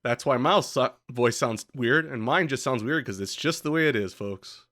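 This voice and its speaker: A man's voice: mid-range voice, moderate pace, fairly bright tone. A man co-hosting a casual podcast, dry and sarcastic. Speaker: podcast co-host.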